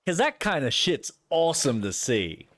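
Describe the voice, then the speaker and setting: A man's voice: a little high, very animated, normal speed, fairly bright tone. A man giving casual, rambling commentary while playing a game. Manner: chatty, rambling, reacts aloud to the game. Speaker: gameplay streamer. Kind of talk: casual commentary over gameplay.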